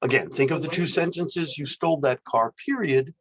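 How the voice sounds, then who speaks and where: A man's voice: a little high, normal speed. A man lecturing on philosophy, explaining ideas step by step and acting out example phrases with exclamations. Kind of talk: recorded university lecture.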